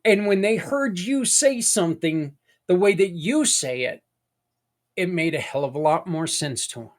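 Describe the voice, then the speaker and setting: A man's voice: sits high, animated, normal speed. A middle-aged man hosting a podcast in a casual, folksy, rambling monologue. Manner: conversational, folksy, rambling with asides. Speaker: podcast host.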